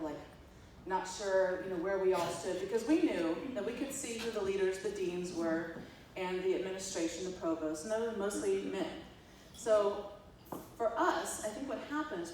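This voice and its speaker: A woman's voice: medium pitch, a little hiss or hum. A woman, giving a conversational keynote talk and acting out the quotes as she tells stories. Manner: animated storytelling, acts out quotes. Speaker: keynote speaker, professor. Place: large echoey hall. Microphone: distant room mic. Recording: echoey hall, distant mic.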